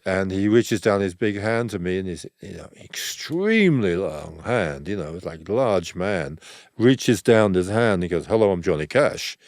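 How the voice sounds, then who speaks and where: An older man, a photographer guesting on an interview, telling stories in a relaxed, rambling way and acting out the dialogue he quotes. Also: fairly low pitch, dry recording, clean studio sound. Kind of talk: relaxed anecdotal storytelling.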